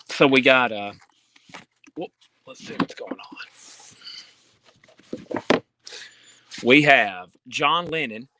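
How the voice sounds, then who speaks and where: Out of breath, a man with a mid-range, sharp-toned voice sells books on a live stream from inside a store. He reads out titles and prices in casual sales patter with chatty asides, filming on a handheld phone.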